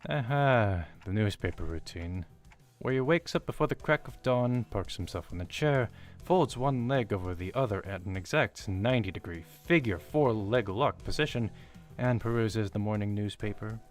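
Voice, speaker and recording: Casual, low-voiced male story reader. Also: lively intonation, moderate pace, soft background music. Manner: casual, hesitant with fillers. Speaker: fan reader of a game story.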